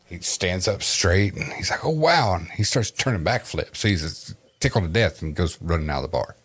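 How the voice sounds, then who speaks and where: A man's voice: sits low, moderate pace, a bit bright, slightly rough, dry recording. A man with an East Tennessee accent, hosting a casual podcast chat and telling a joke with a drawl and lots of laughter. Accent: Southern US, East Tennessee. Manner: laughs a lot, drawling storyteller. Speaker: podcast host.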